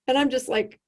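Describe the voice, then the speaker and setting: Husky-voiced animated woman storyteller. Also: on the low side. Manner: animated, laughing often, acts out quotes. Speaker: physician, podcast guest. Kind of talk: conversational storytelling.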